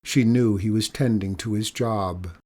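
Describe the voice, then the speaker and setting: A man reading a children's storybook aloud with expressive, emphatic delivery. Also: on the low side, a little slow.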